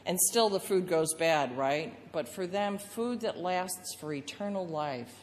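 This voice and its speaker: A woman pastor preaching, her voice sitting a little low. She tells the story with feeling and acts out the crowd's lines. Long reverb rings around her in the sanctuary, with a faint hum of ambience. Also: lively intonation, measured pace, a little mellow. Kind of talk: sermon.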